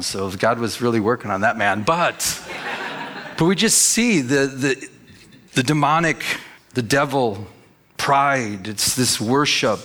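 A man's voice: mid-range voice, a bit bright. A pastor preaching a sermon in a conversational way, often asking his listeners questions. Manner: conversational, asks the audience questions.

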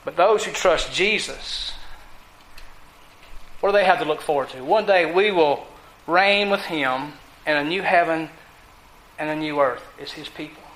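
A man preaching a sermon in a high, bright voice. He leans on key words and puts rhetorical questions to the congregation. The sound rings around an echoey hall. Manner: asks the congregation rhetorical questions, deliberate emphasis.

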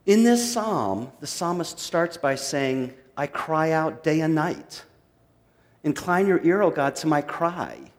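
A man preaching a sermon, reading a psalm dramatically and swinging from loud to hushed. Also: fairly high pitch, lively intonation, measured pace, big-room sound. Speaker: pastor.

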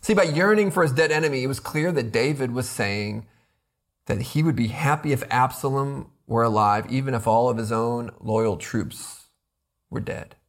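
A man's voice: mid-range voice, moderate pace. A man preaching an expository sermon, earnest and building to emphatic rhetorical questions, often repeating words as he presses a point. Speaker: pastor.

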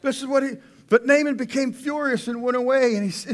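A man preaching a conversational sermon, swinging between loud outbursts and hushed asides. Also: very high-pitched, brisk, a little hiss or hum. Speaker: pastor.

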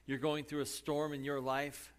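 A male pastor delivering a sermon in a somewhat high voice. His delivery is dramatic, sinking to near-whispers and then climbing to forceful emphasis. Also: completely flat delivery, normal speed. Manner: dramatic delivery, from hushed asides to raised emphasis.

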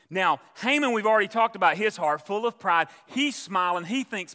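A man's voice: sits high, expressive, normal speed, few pauses, pushed and bright, big-room sound. A man preaching a sermon, telling a story and acting out its voices. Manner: storytelling preacher, acts out voices in his tales.

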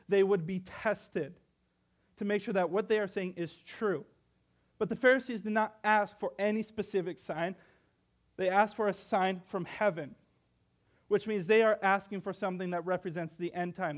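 A young man preaching a sermon, earnest, asking rhetorical questions and reading scripture aloud. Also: high-pitched.

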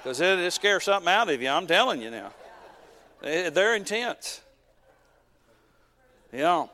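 A man with a high voice preaches in a folksy, emphatic way, repeating himself for effect and slipping in homespun jokes. His voice rings out with a long reverb, as in a church hall. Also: expressive, unhurried, sharp tone, slight background noise. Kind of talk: sermon.

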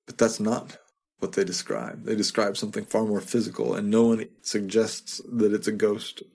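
Low-voiced man preaching a casual sermon. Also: little pitch movement, normal speed, creaky, darkish tone, breathy edge. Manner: conversational, repeats words, chuckles to himself. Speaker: pastor.

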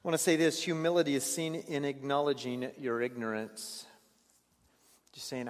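A man preaching a sermon as a pastor, in an earnest way, often stumbling over repeated words and moving between hushed passages and raised ones. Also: mid-range voice, fairly even intonation, moderate pace, big-room sound. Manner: earnest, stammering restarts, swings between hushed and raised delivery.

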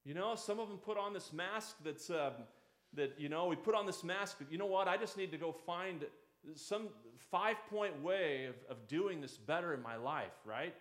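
A man's voice: high-pitched, moderate pace, a bit bright, reverberant. A man preaching a conversational sermon as a pastor, slipping into the voices of doubters and critics.

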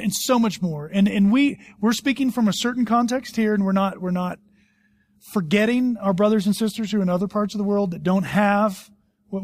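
Man, middle-aged, pastor, sermon, high voice, dry close sound, animated storytelling, loud-to-hushed swings. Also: no echo.

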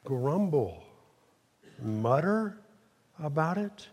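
A middle-aged male pastor preaching a sermon, calling on the congregation to answer back, with a fairly high voice. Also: big pitch swings, very slow, darkish tone. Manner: emphatic call-and-response preaching. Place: church sanctuary. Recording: long reverb of a hall.

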